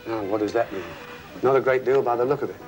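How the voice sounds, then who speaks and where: A man's voice: medium pitch, fast talker, darkish tone, soft background music, low-quality recording. A man hosting a television game show, chatty and jokey, talking to contestants and a studio audience. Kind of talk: upbeat studio presenting.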